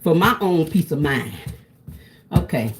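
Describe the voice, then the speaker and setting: A woman's voice: deep voice, lively intonation, a little slow, slight background noise. Chatty woman cooking for viewers. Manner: chatty, talks straight to viewers, calls them "y'all". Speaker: cooking vlogger. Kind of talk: casual cooking vlog chat.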